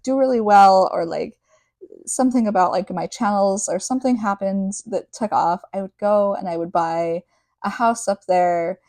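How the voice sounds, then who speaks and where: A woman's voice: fairly low pitch, dark tone, no room sound. A young woman hosting a casual podcast, recapping a novel in a rambling, chatty way full of fillers and side tangents. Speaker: podcast host.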